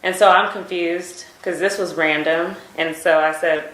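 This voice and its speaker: Low-ish woman voice, lots of ums, telling what happened, roomy echo. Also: steady tone, measured pace, a bit bright. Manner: hesitant, many fillers, retelling events. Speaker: witness giving a statement. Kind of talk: recorded statement to prosecutors. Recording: echoey room recording.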